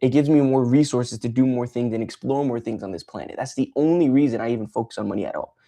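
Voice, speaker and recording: A man's voice: medium pitch, quick pace, gravelly, mellow. A man ranting on a casual livestream, frustrated and swearing freely as he rambles. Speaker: streamer.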